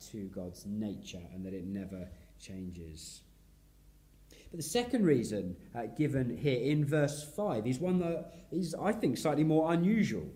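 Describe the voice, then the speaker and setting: A man preaching an expository sermon in a reflective way, his voice sinking softly at the ends of phrases. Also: fairly low pitch. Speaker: pastor.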